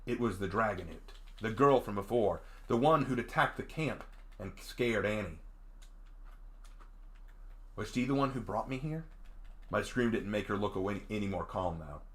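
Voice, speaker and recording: A man's voice: lowish voice, normal speed, a bit bright. A man hosting a let's play, reading his story's first-person narration and breaking in with enthusiastic asides. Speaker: game host and writer.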